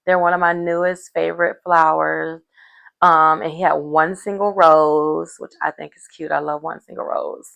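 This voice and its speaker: A woman's voice: sits low, flat delivery, moderate pace, vocal fry, fairly bright tone. A woman recapping a reality show in a rambling, chatty way, full of fillers. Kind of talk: casual recap chat.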